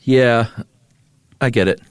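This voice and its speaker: A man's voice: medium pitch, slow, clean tone, dry recording, studio quality. A man co-hosting a podcast, explaining things in an easygoing way and laughing often. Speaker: podcast co-host. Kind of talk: casual chat.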